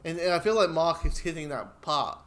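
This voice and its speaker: A man talks through a TV episode review in a loose, rambling way. His voice sits a bit high and leaps much higher when he acts out lines. He swears freely as he goes. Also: animated, a little fast, fairly bright tone. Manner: rambling, swearing, acts out quotes with sudden jumps in pitch. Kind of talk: casual spoken review.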